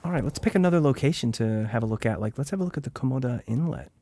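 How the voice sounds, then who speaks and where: Chatty male streamer with a lively voice. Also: mid-range voice, very fast, no echo. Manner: chatty, rambling, heavy use of "like". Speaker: gaming streamer. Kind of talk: casual live gameplay commentary.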